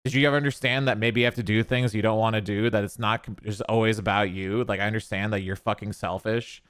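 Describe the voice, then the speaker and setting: A man's voice: fairly low pitch, fairly even intonation, fast talker, a bit bright, smooth, no echo, clean studio sound. A man ranting on a streamed commentary show in a sarcastic, angry, profane way.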